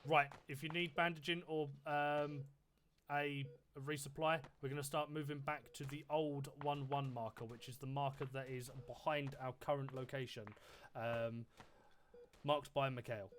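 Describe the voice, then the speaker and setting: Brisk man leading a squad. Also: mid-range voice, steady tone, a little hiss or hum. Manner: brisk, swears when frustrated. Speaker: squad leader in a military simulation game. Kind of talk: tactical radio chatter while playing.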